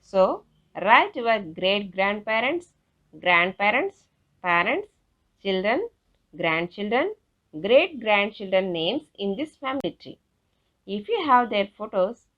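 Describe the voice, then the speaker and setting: A woman teacher with an Indian English accent, explaining a classroom lesson slowly and carefully. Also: mid-range voice. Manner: slow, careful, instructive. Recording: dull lo-fi recording.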